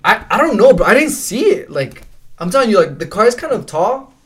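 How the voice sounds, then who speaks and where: With a high voice, big pitch swings and a fairly bright tone, this young adult podcast co-host talks briskly. His relaxed storytelling is peppered with swearing, frequent "bro"s and laughter.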